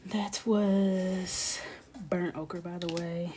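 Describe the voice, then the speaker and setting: A woman in her thirties chatting casually and jokingly while coloring on a livestream, often dropping into soft whispers. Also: lowish voice, a little slow, over music.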